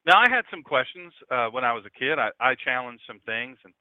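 A Delaware pastor in his fifties preaches a conversational radio sermon in a mid-range, very animated voice, talking a little fast. He drops chatty, joking asides to his audience, and the dry recording has a tinny, phone-like sound.

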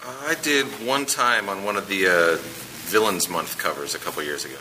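A man from the Pittsburgh area, a comics artist guest, speaking casually and haltingly. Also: low-pitched, sharp tone, a little hiss or hum, low-quality recording. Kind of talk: casual chat.

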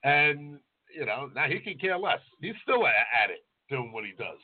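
This chef and podcast co-host has a higher-than-average voice with big swings in pitch, talking at normal speed. The audio sounds tinny, like a phone, as he tells rambling, crude anecdotes and imitates people he ran into.

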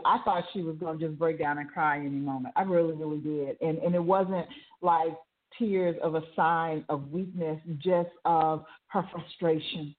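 A woman hosting a talk radio show, speaking earnestly and conversationally with frequent fillers. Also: on the low side. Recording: phone-like narrow sound.

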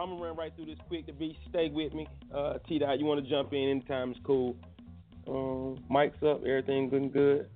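A man hosting a casual live morning show, joking and running loosely through the news. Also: fairly high pitch. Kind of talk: casual live radio chat. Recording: tinny phone-like line.

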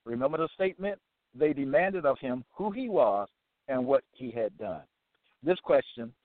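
A man hosting a religious teaching episode, reading scripture verses aloud and explaining them in a deliberate, emphatic way, often restating each question. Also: fairly high pitch, animated, no echo. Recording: dry, tinny phone-like sound.

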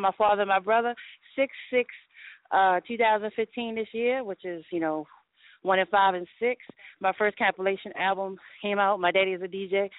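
A woman co-hosting a call-in show, talking in a rambling, excited way with frequent laughs. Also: medium pitch, no echo. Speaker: radio show co-host. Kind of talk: casual call-in chat. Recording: tinny phone-line audio, dry.

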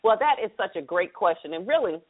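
A woman's voice: medium pitch, animated, fairly quick, breathy edge. A woman hosting a talk radio show, chatty and upbeat, explaining things to her listeners. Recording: tinny phone-line broadcast.

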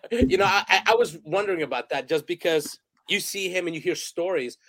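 A man with a fairly high voice talks as a podcast guest, rambling through stories with lots of energy. He acts out the quotes as he goes. The sound is dry and close, with no room echo. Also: fairly quick. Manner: animated, rambling storyteller. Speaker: guest photographer and director. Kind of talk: casual podcast interview.

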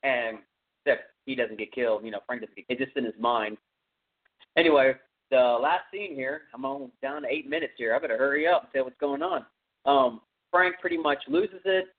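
Recap duty falls to a podcast host with a Texan accent, who rambles casually through a horror film's storyline, using lots of fillers. He speaks at normal speed in a medium pitch, and the recording has a tinny, phone-like quality.

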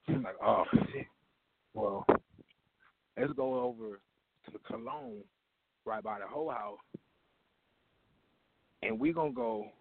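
A man tells a profane comic story, jumping in and out of voices. His voice is husky, and his pitch swings widely. The sound is dry and comes through a thin, tinny phone line. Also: no room sound. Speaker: open mic comedian calling in.

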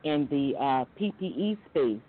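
A middle-aged woman from Long Island talks as a guest on a chat show. She is candid and animated and slips into high voices when she quotes people. Her pitch swings wide, and the audio is tinny, like a phone call. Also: a little slow. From Long Island, New York. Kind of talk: casual interview storytelling.

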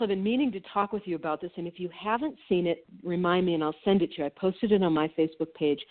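Earnest woman on a tinny phone line. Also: mid-range voice. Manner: earnest, animated, laughs often. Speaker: co-host. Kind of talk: reflective conversation.

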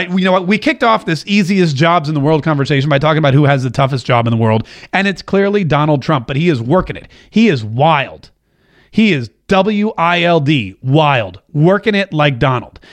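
A man hosting a casual commentary show, talking in a chatty, joking way with animated asides. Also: fairly high pitch. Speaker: show host.

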